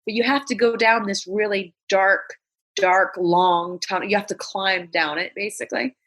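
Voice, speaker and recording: A woman comedian from Los Angeles, USA, swaps stories as a guest in a casual interview, blunt, candid, and swearing plenty. Her mid-range voice is fairly bright, with fairly even intonation and a moderate pace.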